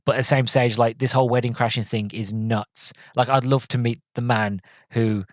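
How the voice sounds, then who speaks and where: A man's voice: mid-range voice, steady tone, moderate pace, dry recording. A man hosting a casual solo review podcast, rambling and full of fillers. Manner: rambling, filler-heavy, frequent "sort of". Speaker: podcast host, film reviewer.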